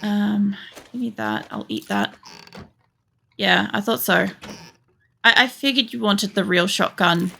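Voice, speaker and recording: A woman's voice: medium pitch, gravelly, bright, forceful tone, slight background noise. A woman chatting casually and swearing freely while streaming a game. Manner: rambling and sweary, lots of fillers. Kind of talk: casual chat while gaming.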